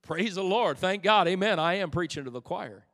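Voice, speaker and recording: A male pastor preaching a sermon in a church, building to loud, fervent peaks and dropping in humorous asides to the congregation. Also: sits high, lively intonation, normal speed. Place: church sanctuary. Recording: long reverb of a church hall.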